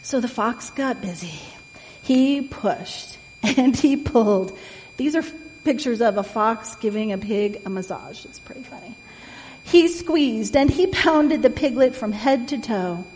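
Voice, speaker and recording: Storyteller: gentle woman reading to kids, slow and a bit high, echoey room. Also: lively intonation, a little hiss or hum. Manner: gentle, asks the listener questions. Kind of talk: reading a picture book aloud.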